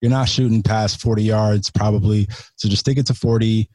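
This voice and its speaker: A man's voice: lowish voice, fairly even intonation, normal speed, mellow, dry recording. A man from California, a podcast guest, talking in a loose, slangy way, swearing freely and restarting his sentences. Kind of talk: casual chat.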